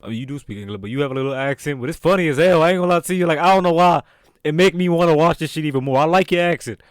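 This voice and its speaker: A man's voice: fairly high pitch, rapid-fire, clear, resonant tone, dry recording. A young man hosting a reaction video, talking in casual, profane, unfiltered banter.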